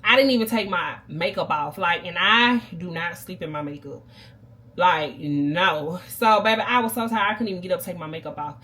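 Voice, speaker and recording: A young woman, telling a long casual story to her viewers and addressing them warmly as baby and y'all. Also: fairly low pitch, normal speed. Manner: chatty, animated storyteller who keeps calling the viewers "baby" and "y'all". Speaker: vlogger.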